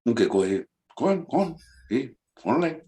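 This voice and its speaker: A man's voice: mid-range voice, sing-song, fast talker, dark tone, natural voice, poor audio. A man voicing a swaggering Southern California Chicano guy who curses and talks tough slang, with a Chicano English accent. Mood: offended.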